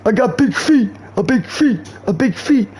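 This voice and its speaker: Brief: man voicing a dopey big braggart, high and mellow. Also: expressive, normal speed, slightly rough, full character voice, poor audio. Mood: boastful. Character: big goofy man bragging about his feet.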